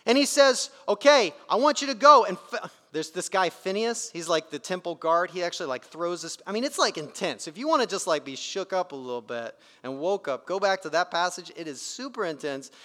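A man's voice: sits high, lively intonation, a little fast, few pauses, pushed and bright. A man preaching a sermon in an emphatic, conversational way, his volume rising and dropping sharply. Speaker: pastor. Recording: reverberant hall.

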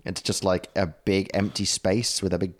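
A man with a New Zealand accent, his voice sitting a touch low. He talks in a loose, rambling way, trading jokes and laughing easily in casual podcast chat. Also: level tone, normal speed. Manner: rambling, jokey, laughs often.

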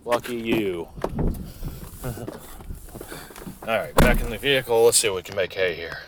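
Sitting in his parked vehicle, a middle-aged podcast host delivers a casual, profane solo monologue that rambles and frequently restarts. He speaks quickly in a fairly low voice against a noisy background.

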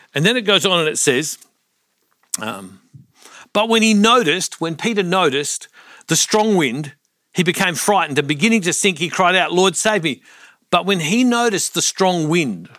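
A man's voice: a little high, a bit bright, no room sound, studio quality. A man preaching a reflection on a Gospel passage, earnest, asking his listeners questions as he goes. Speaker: Catholic speaker.

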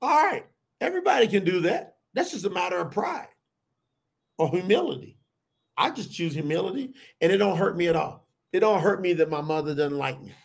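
High, gravelly-voiced preacher man. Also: brisk. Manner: animated, addresses the audience as y'all. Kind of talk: sermon.

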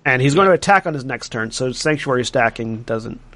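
A man running a tabletop role-playing game as game master, making quick rulings and laughing often. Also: medium pitch, expressive, a bit bright, no echo.

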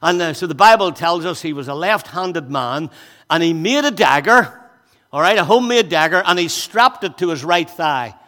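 A man's voice: a little high, lively intonation, normal speed, bright, forceful tone, long reverb tail. A man preaching a sermon with energy and a chatty way of talking, slightly out of breath, with jokes and asides to the congregation. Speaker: pastor.

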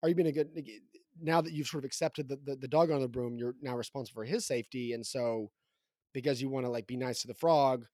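A man co-hosting a podcast, rambling and halting through his thoughts about a picture book with lots of restarts. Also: medium pitch, steady tone, darkish tone, no room sound, studio quality. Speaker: podcast co-host.

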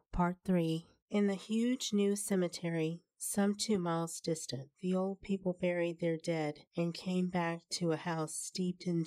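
A woman hosting a podcast and narrating a classic horror story in a measured, steady reading. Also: lowish voice.

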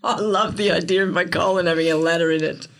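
A woman co-hosting a podcast in casual chat, quick-witted and teasing. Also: on the low side, steady tone. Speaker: podcast co-host.

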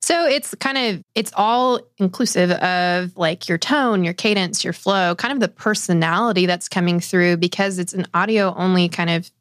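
A woman co-hosting a casual podcast chat in a studio, easygoing and quick to laugh. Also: lowish voice, no echo. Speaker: podcast co-host.

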